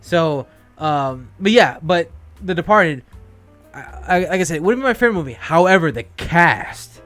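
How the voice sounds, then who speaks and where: A man's voice: a little high, lively intonation, moderate pace, fairly bright tone, soft background music. A young man co-hosting a casual podcast chat, swearing freely and laughing often. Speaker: podcast co-host.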